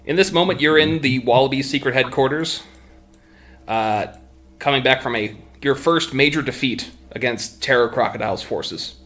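A man's voice: mid-range voice, normal speed, sharp tone. A man narrating as game master in a tabletop role-playing session, playful and full of fillers.

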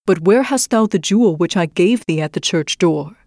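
A woman reading as a soft-spoken stern young prince. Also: lowish voice, lively intonation, moderate pace, no room sound, studio quality, close to an everyday voice. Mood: questioning. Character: stern young prince testing his bride.

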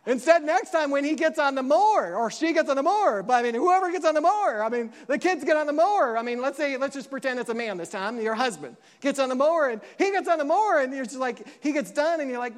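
Delivering a sermon, a male pastor brings his stories to life, voicing quotes with large swings in pitch. He softens and slows down for the emotional passages.

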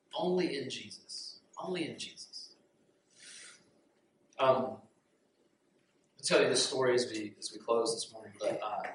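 A man pastor preaching a sermon, telling a story in an earnest, animated way before leading a prayer. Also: mid-range voice. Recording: very echoey room, distant mic, faint noise.

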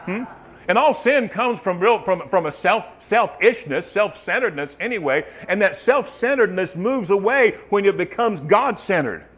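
A man preaching a sermon, swinging from loud fervent bursts to soft, murmured testimony. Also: high voice, lively intonation, moderate pace.

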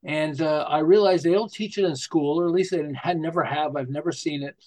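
A man's voice: fairly high pitch, a little fast. An older man from Canada, a podcast guest, telling rambling stories in a casual interview with many restarts. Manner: rambling, animated anecdotes with restarts.

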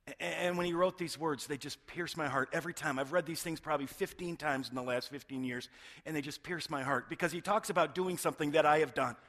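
This middle-aged pastor talks fast in a voice on the high side, preaching earnestly. He keeps restarting words and moves back and forth between forceful emphasis and hushed lines.

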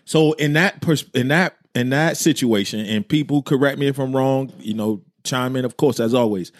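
Laid back guy cohosting a talk show, thinks out loud, medium voice, dry mic. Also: mid-range voice, moderate pace, no room sound. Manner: relaxed, thoughtful, reads listener comments aloud. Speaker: podcast co-host. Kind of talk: casual chat.

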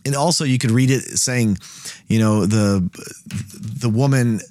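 A man's voice: mid-range voice, a little slow, a little mellow, no room sound. A man hosting a Bible study, explaining scripture in a casual, conversational way and thinking aloud as he goes.

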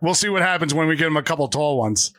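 A man co-hosting a casual podcast, tipsy, joking loudly and laughing often. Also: a little high, expressive, fast talker, dry recording. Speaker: podcast co-host. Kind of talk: casual chat.

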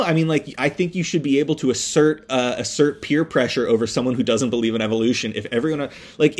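A man talks through a film plot on his podcast at an ordinary middle pitch. He rambles, trips over his words and piles on fillers and swearing. He gets worked up about the plot as he goes. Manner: rambling, animated, swearing, lots of fillers and restarts. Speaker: podcast host. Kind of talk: casual recap of a film. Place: indoors, construction noise nearby.

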